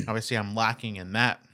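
A man's voice: on the low side, normal speed, vocal fry, a bit bright. A playful man in casual podcast banter who laughs easily. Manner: playful, laughs often, tries silly voices.

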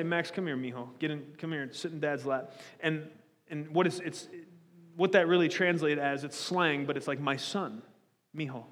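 A man's voice: a little high, a bit bright, big-room sound. A man preaching a sermon as pastor, earnest and pleading, often restarting and repeating words as he builds his point.

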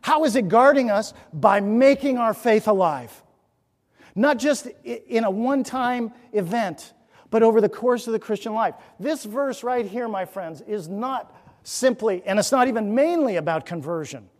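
A man preaching a sermon as pastor, earnest and exhorting, with rhetorical questions, swinging from loud emphasis down to hushed near-whispers. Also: high-pitched, animated, moderate pace. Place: church sanctuary. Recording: reverberant church hall.

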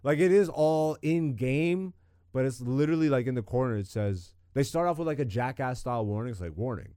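A man hosting a casual home chat, rambling, profane and quick to laugh. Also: mid-range voice, animated, warm tone, clean tone, dry recording, studio quality. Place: home gaming room.

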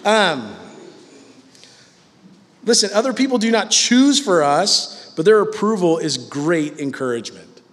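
A man's voice: high voice, animated, unhurried, pauses often, in a large hall. A man preaching a sermon in a conversational, emphatic way.

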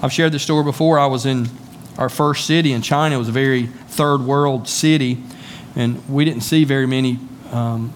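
A man's voice: medium pitch, steady tone, moderate pace, slight background noise. A man with a Southern US accent preaching a sermon as pastor, folksy and conversational, often repeating words as he goes. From Southern United States. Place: church sanctuary.

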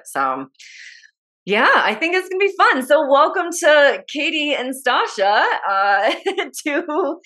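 A woman's voice: deep voice, a bit bright. Chatty woman podcast co-host in her forties. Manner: chatty, laughs often, trailing restarts. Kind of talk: casual podcast chat.

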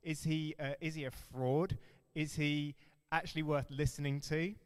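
A man preaching a sermon as pastor, earnest and emphatic, stressing key phrases slowly. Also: on the high side, level tone, smooth, in a large hall.

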